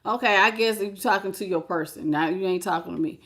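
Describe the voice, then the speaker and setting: A woman giving a live tarot reading in a casual, animated, slangy way, laughing often and greeting her viewers. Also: mid-range voice, brisk. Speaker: tarot reader.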